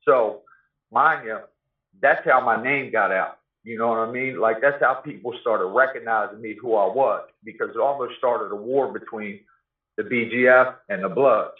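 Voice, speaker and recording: A man tells a story in casual, profane street talk, full of "you know what I mean". His voice sits at an ordinary pitch. The room echoes, and the sound is narrow and tinny like a phone call. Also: moderate pace. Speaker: guest telling his life story.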